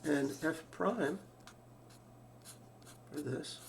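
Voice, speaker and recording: A man's voice: on the high side, extremely slow, vocal fry. A man teaching a math lesson, thinking aloud, restarting phrases and asking rhetorical questions. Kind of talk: lecture. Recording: roomy sound from a distant mic, faint background hum.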